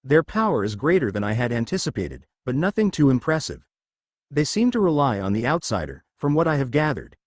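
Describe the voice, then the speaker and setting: A man voicing a scheming villain in spiked silver armor, speaking in a cold, measured way for a storybook reading. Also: mid-range voice, very animated, no echo, clean studio sound.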